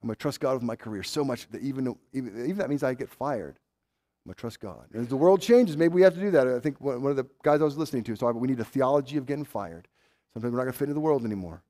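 A man preaching a sermon, swinging from loud urgent pleading to low, quiet intensity. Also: expressive, fast talker. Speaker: pastor.

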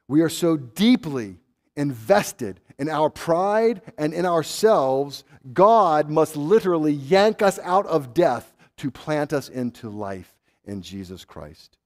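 A man preaching a sermon, swinging from loud urgent pleading to low, quiet intensity. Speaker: pastor.

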